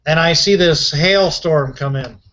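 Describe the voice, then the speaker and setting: A man's voice: a little high, a little slow, a bit bright, poor audio. A man hosting a casual conversation, telling a long story in a chatty, rambling way with frequent restarts.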